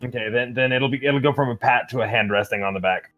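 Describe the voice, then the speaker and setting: A man playing a tabletop game, casually describing his character's actions in a measured way. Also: mid-range voice, dull audio. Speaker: player.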